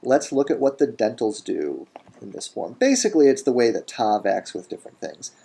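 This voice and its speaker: A man teaching a grammar lesson in a recorded lecture, deliberate, saying each word form slowly and repeating it. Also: medium pitch, big pitch swings, creaky, mellow, husky. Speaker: language teacher.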